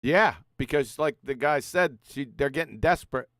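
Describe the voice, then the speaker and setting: A man hosting a casual online panel chat, easygoing and quick to laugh. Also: mid-range voice, fairly bright tone, no room sound, clean studio sound. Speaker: host of a live online panel.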